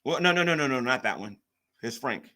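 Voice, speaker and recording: Animated and a little fast, this man speaks at medium pitch with a pushed, bright quality. As a live stream host, he reads chat comments aloud, then mocks and argues with the commenters in a casual, combative rant.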